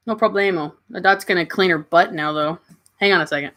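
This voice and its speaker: A woman's voice: on the low side, a little fast. A woman with a Kentucky Southern accent, chatting casually on a livestream and answering her chat. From Kentucky, USA. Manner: chatty, answers chat comments warmly, coos at her pets. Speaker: livestream host.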